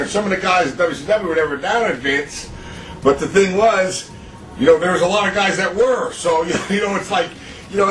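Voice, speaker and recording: Interviewee, man, halting, filler-heavy talk; roomy, distant sound with faint background noise. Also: sits high, a bit bright. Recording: echoey room, distant mic.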